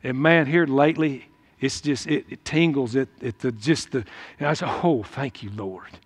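A man's voice: mid-range voice, moderate pace. A man preaching a folksy, emphatic sermon to his congregation at church. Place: church hall. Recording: long hall reverb.

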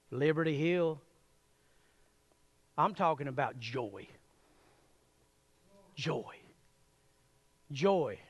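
A man preaching a sermon in a church, folksy and animated, chuckling often as he addresses the congregation. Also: fairly high pitch. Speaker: pastor.

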